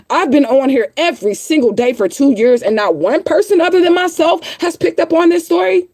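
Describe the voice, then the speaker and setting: A woman's voice: high voice, darkish tone, no echo. A woman hosting her own livestream, ranting heatedly and swearing, repeating herself as she answers viewers. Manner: heated, profane, repetitive. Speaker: livestream host. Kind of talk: casual livestream rant.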